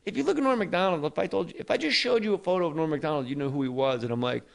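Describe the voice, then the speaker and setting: A man's voice: fairly high pitch, rapid-fire, vocal fry. A man in a casual podcast chat, rambling through a story with lots of "like"s. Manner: rambling, filler-heavy storytelling.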